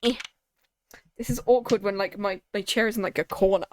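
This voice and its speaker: A woman's voice: mid-range voice, steady tone, a little fast, slight background noise. A woman chatting casually through a game stream at home at her desk, goofy and self-mocking. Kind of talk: casual gameplay commentary. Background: game music.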